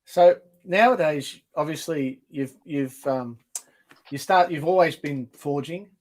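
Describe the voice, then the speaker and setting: Relaxed male podcast host. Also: a little high, measured pace, low-quality recording. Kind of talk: casual interview.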